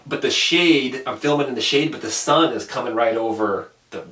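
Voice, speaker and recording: A man hosting a casual chat, telling a long, animated, profane story and acting out his own reactions. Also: medium pitch, moderate pace. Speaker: podcast host telling a story. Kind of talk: casual storytelling over beers. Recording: roomy, distant mic with faint noise.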